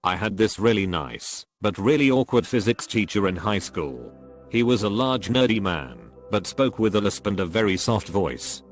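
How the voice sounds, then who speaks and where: A man narrating a string of short reader stories in an even, scripted reading. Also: on the low side, moderate pace. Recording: faint music behind the voice. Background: faint background music.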